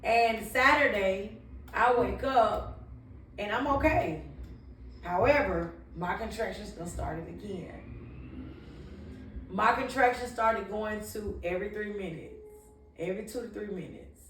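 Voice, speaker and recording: A woman's voice: medium pitch, measured pace, pauses often, slight background noise. Woman, vlogger, candid storytelling, emphatic, chatty, echoey room, slightly distant mic. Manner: emphatic, conversational, with frequent restarts and laughs. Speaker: vlogger telling her birth story.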